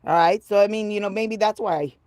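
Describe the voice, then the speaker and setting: A woman's voice: brisk, dry recording. Brash, profane woman in her fifties. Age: 50s. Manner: brash, profane and rambling, swings from low mutter to loud excitement. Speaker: livestreamer. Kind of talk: casual livestream chat with viewers.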